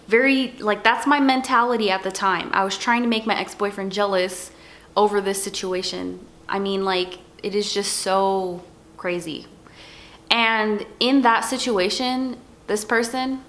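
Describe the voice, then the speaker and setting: A woman's voice: mid-range voice, a bit bright. A young adult woman speaking earnestly in a personal testimony vlog, leaning on repeated words for emphasis. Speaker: vlogger.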